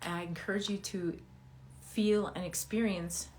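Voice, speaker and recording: A woman teaching a meditation lesson, speaking softly and haltingly with many fillers, then growing loud and playful as she repeats an affirmation. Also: lowish voice, fairly even intonation, a little hiss or hum. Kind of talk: guided meditation talk.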